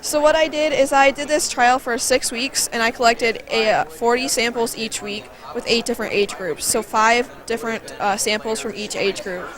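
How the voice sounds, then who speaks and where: A woman's voice: on the high side, fairly even intonation, moderate pace, few pauses, fairly bright tone. Teenage girl explaining her project plainly. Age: teens. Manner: plain, matter-of-fact answers. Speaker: high school science fair student. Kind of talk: casual interview.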